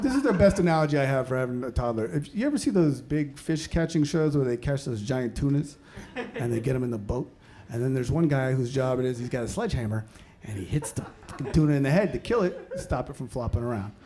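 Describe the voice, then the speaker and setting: A man in his thirties doing stand-up comedy, swinging between mumbled asides and loud outbursts. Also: mid-range voice, expressive, fairly quick. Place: comedy stage before a live audience. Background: audience laughter.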